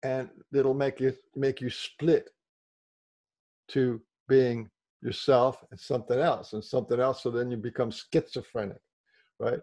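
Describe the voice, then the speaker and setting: A man's voice: medium pitch, little pitch movement, measured pace, darkish tone. Male workshop speaker, explains things, keeps checking in with the group. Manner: explanatory, checks in with listeners often. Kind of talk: group discussion talk.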